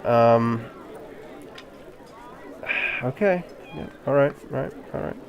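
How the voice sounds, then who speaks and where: A man running a tabletop role-playing game as game master over a voice call, relaxed and chuckling often. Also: mid-range voice, slow, creaky, highs cut off, a crowd in the background.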